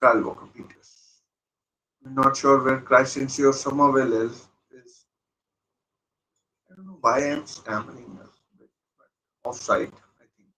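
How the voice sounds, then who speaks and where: Slow bright-voiced man reacting to a match. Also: mid-range voice, poor audio. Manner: excitable outbursts between muttered asides. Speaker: fan watching a match live. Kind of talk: live match-watch commentary.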